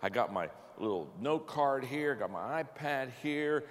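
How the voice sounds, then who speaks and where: A man preaching, telling a folksy, self-deprecating story in an animated way and often restarting his sentences. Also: medium pitch, a little slow, big-room sound. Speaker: pastor. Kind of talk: storytelling sermon.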